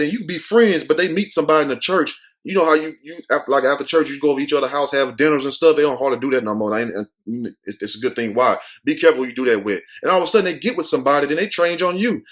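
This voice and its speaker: A man hosting a casual commentary show, reading news items aloud and riffing on them in a blunt, slangy, animated way. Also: on the high side, racing, few pauses. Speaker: host.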